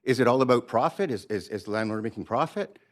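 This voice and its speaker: A man giving public comment at a city council hearing, measured as he rebuts the earlier speakers. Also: mid-range voice, expressive.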